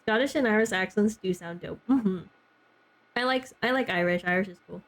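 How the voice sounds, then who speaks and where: While streaming a game, a young woman keeps up a chatty back-and-forth with her chat, full of "like" and small laughs. Her mid-range voice moves at a normal speed.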